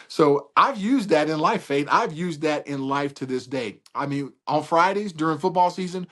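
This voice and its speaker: A middle-aged man speaks as a guest in a casual interview. He is a seasoned sports broadcaster who tells stories with animated, preacher-like emphasis. He keeps asking rhetorical questions to land his points. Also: on the high side, normal speed, few pauses.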